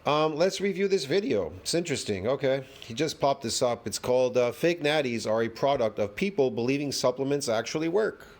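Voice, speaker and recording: A middle-aged man talks through a reaction video in a loose, rambling way. He leans on sarcasm, often jumps up in pitch to mock, then sinks into low, quiet asides. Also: expressive, a little fast, few pauses. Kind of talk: casual reaction commentary.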